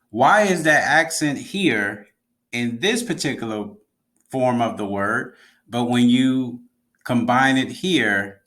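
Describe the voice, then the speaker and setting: A man's voice: mid-range voice, a bit bright. A man teaching an online language lesson, explaining patiently and repeating key words.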